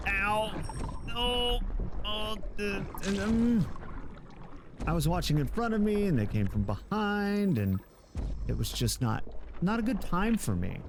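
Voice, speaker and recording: A man with a high voice streams a game live against a noisy background. He comments as he plays, and he's excitable, often yelping and exclaiming in surprise.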